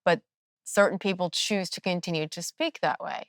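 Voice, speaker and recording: A woman hosting a podcast interview, talking in an earnest, measured, opinionated way. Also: fairly low pitch, no room sound, clean studio sound. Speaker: podcast host. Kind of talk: interview conversation.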